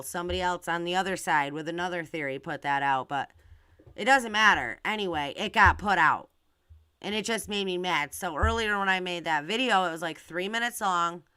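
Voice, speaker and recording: Channel host, female, lowish voice with a crisp, clear tone; chatty, filler-heavy talk aimed straight at her audience. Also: sharp tone, dry recording. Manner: rambling, filler-heavy, talks to viewers directly. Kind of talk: casual live-stream commentary.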